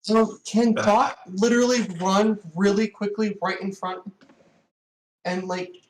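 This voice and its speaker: A player chatting quickly and animatedly during a tabletop game. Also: medium pitch, fairly even intonation, roomy sound, a little hiss or hum, poor audio. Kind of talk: casual tabletop play.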